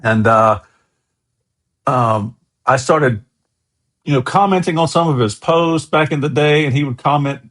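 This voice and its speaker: A man's voice: on the high side, unhurried, pauses often, fairly bright tone. An American man, a guest on an interview show, telling long enthusiastic anecdotes in a casual, chatty way. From USA.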